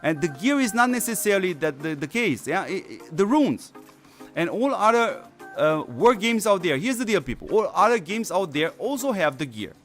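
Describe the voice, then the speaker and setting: A man's voice: high-pitched, very animated, normal speed, faint music behind. A male mobile strategy game streamer who is losing his voice, rambling with many fillers and restarts. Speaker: gaming channel host. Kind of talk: casual stream commentary.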